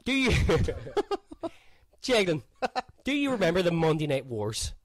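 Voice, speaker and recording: A man's voice: fairly high pitch, wildly swooping pitch, slow, no echo. A young Northern Irish man co-hosting a podcast in casual, teasing banter, laughing often. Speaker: podcast co-host.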